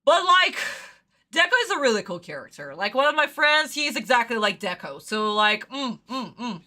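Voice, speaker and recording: A woman's voice: a little high, very animated, normal speed, bright, forceful tone. A woman from Russia, ranting in exasperation and swearing while reacting to an anime on a livestream.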